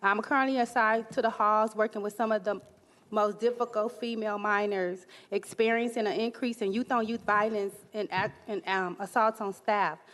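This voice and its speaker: A woman union steward reading a prepared statement, deliberately stressing key words. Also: mid-range voice, steady tone, a bit bright. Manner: emphatic, reads code sections deliberately. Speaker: union steward, detention officer.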